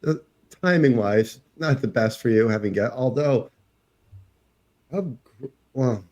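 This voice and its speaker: A man's voice: mid-range voice, a little slow, darkish tone, muffled recording. Hesitant man co-hosting a podcast. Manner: hesitant, many ums and restarts. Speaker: podcast co-host. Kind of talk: casual chat.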